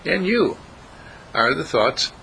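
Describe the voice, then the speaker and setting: A man giving an informal spiritual talk, animated and acting out voices as he goes. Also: fairly high pitch, slow pace, gravelly, a little hiss or hum, poor audio. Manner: animated, acts out voices, chuckles often.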